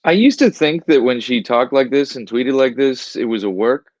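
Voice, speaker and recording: Measured man on dull remote audio. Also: medium pitch, lively intonation, a little mellow, no echo. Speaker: podcast co-host. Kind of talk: casual news chat.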